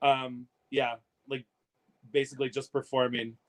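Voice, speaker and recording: A man's voice: mid-range voice, little pitch movement, unhurried. A man appearing as a guest on a podcast, chatting in a laid-back way. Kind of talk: casual chat.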